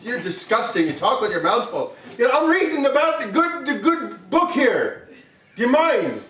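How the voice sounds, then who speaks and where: Animated, high-voiced man ranting at dinner. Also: moderate pace. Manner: mock-indignant ranting, stumbling restarts. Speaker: podcast co-host. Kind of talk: casual banter over dinner. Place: home dinner table. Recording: echoey room, distant mic.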